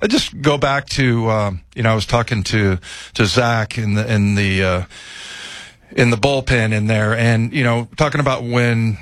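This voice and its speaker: A man's voice: mid-range voice, moderate pace, fairly bright tone, no room sound. A man co-hosting a sports talk show, chatting casually about football with lots of fillers and restarts. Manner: rambling, many fillers and restarts. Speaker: sports radio co-host.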